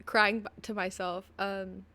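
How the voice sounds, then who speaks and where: A woman's voice: medium pitch, level tone, a little slow, bright, forceful tone. A woman streaming casually from her PC, chatting in a rambling way full of "like" and "um", giggling often. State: tearful at times. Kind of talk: casual live-stream chat. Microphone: desk microphone at a PC.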